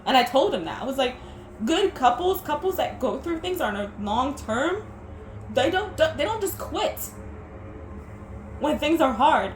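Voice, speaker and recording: With faint music behind her, a young woman speaks at a measured pace in a high-pitched, sing-song voice about her breakup on a personal vlog. She's teary and sniffling, stumbling and restarting as she goes. The room is echoey, with faint background noise.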